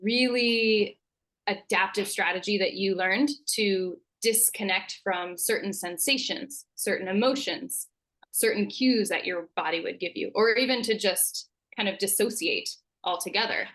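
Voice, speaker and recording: A woman, a naturopathic doctor, calmly explaining her work as a podcast guest. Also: mid-range voice, measured pace. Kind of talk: interview answers.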